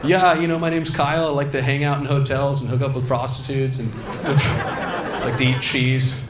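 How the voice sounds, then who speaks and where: A man's voice: medium pitch, little pitch movement, moderate pace, recorded from a distance, natural voice. A man impersonating a laid-back, nerdy male voice actor who mumbles. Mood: casual. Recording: echoey hall with ambient noise.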